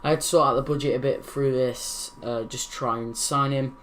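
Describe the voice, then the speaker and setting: A man's voice: medium pitch, steady tone, moderate pace, fairly bright tone. Rambling young man narrating a football game. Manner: rambling, self-correcting, laughs at own slips. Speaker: gaming channel host. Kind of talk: casual video game commentary.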